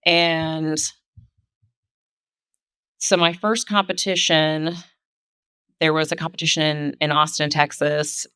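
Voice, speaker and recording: A woman with a bright, clean, crisp voice tells her story in a loose, easygoing way, full of "uh" and "like." The sound is close and dry, with no room around it. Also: low-pitched, little pitch movement, slow pace, long pauses, no echo. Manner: laid-back storytelling with many fillers. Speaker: guest, kettlebell sport athlete. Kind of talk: casual podcast conversation.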